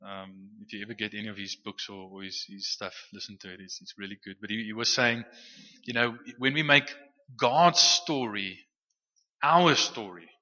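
A man preaches in a loose, conversational way, tripping over repeated words as he teaches. His voice is very bright and forward. The sound is a little muffled, with a long reverb trailing off a church hall. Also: on the low side, normal speed. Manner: conversational with frequent restarts and stammered repeats. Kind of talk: sermon teaching.

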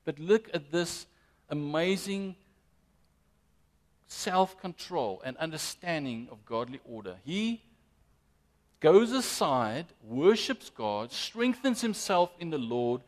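A man preaching a sermon as pastor, emphatic and lively, often addressing the congregation directly. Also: fairly high pitch, slow pace. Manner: lively, emphatic preaching with frequent "guys" and "amen".

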